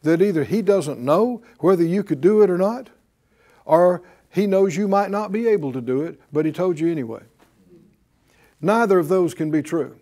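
A man's voice: high-pitched, normal speed, mellow. A man preaching a sermon as pastor, drawing responses from the congregation with rhetorical questions and repeated key phrases.

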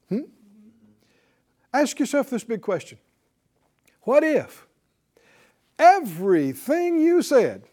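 A male preacher giving a sermon, asking questions, quoting scripture and chuckling between points. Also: very high-pitched. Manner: animated, asks the congregation questions, quotes scripture.

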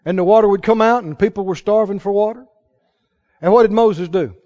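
A man preaching a sermon, dramatic and animated, quoting scripture and building to shouted peaks. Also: sits high, fairly quick, muffled recording.

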